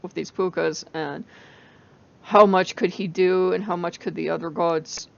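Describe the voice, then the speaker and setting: A tired woman hosts a casual spiritual vlog, speaking a little slowly in a low, steady, creaky voice. She rambles with fillers and laughs a lot, and the recording is dull, lo-fi and dry.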